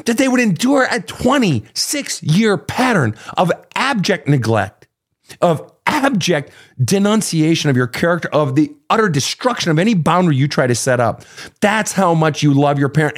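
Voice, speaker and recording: A man's voice: fairly high pitch, big pitch swings, moderate pace. A man hosting an advice talk show as a coach, speaking bluntly and emphatically with heavy swearing. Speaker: podcast host and relationship coach.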